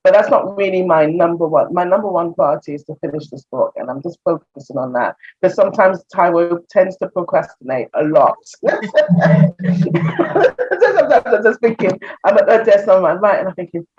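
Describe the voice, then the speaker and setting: A woman with an English accent chats casually as an interview guest, often laughing and acting out little exchanges. Her voice is slightly husky. The recording sounds dull and lo-fi. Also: lowish voice, fairly quick, hardly any pauses, a little mellow. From England. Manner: chatty, laughs often, acts out conversations. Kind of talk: casual video-call interview. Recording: muffled lo-fi audio.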